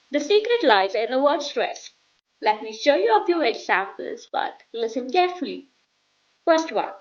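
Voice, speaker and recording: A woman teaching English pronunciation in a scripted lesson, modelling words clearly for the listener to repeat. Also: fairly high pitch, highs cut off.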